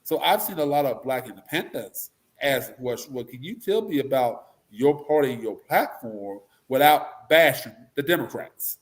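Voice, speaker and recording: A man giving blunt, animated opinions as an interview guest, breaking into mocking voices to make his points. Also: medium pitch, normal speed, few pauses. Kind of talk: casual political commentary.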